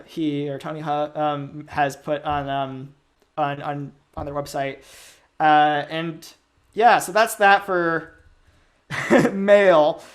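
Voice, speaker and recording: A young man giving a casual game-development workshop, rambling with lots of fillers and little chuckles. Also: fairly high pitch. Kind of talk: casual technical talk.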